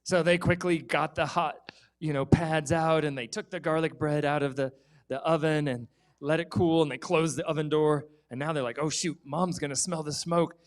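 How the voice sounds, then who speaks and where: A man telling a children's story in a church service, animated and lively, acting out the kids' voices. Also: on the high side, normal speed.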